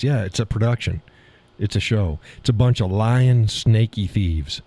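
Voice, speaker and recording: A lower-voiced man with a drawl hosts a live stream. He reads chat comments aloud and answers with blunt, scornful remarks, often breaking into laughter. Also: moderate pace, dark tone. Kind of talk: casual political commentary reading chat.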